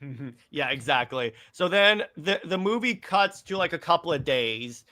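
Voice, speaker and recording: Bright, eager man hosting a film chat. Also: on the high side, lively intonation, moderate pace. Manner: eager, recaps scenes with frequent stammered restarts. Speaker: podcast host. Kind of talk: casual movie discussion.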